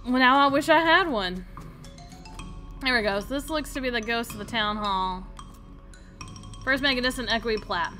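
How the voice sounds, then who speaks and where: A woman's voice: fairly high pitch, moderate pace, long pauses, bright, forceful tone, soft background music. A woman streamer playing a comedy western game, reading the text aloud with playful, amused asides.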